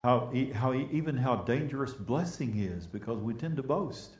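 A man with an Australian accent preaching a sermon, telling stories animatedly and rising to loud emphatic peaks before dropping to hushed, prayerful tones. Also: medium pitch, expressive, moderate pace, few pauses, reverberant, dull audio. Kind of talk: sermon with storytelling.

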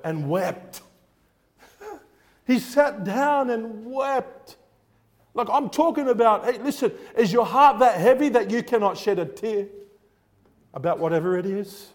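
A male preacher with a notably high-pitched voice delivers a fervent sermon. He repeats phrases for emphasis and keeps pausing to quiz his congregation on the next word of scripture. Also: expressive. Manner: fervent, repetitive, quizzes the congregation.

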